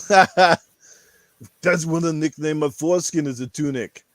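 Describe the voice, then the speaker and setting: A man with a rough throat putting on a crude, boastful action-star impression, ranting vulgarly. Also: fairly high pitch, slow, no echo. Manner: vulgar, boastful, rambling rants.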